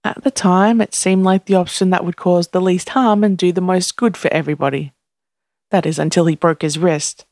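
Gravelly narrator reading a story, dry close mic, same voice for everyone. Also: medium pitch, normal speed, dry recording. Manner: reads every character in one steady voice. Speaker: audiobook narrator.

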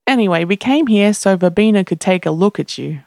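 A woman voicing a gruff middle-aged man who grumbles at his hurt friend. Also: mid-range voice, lively intonation, fairly quick, a little mellow, no echo, studio quality, lightly acted. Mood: grumpy.

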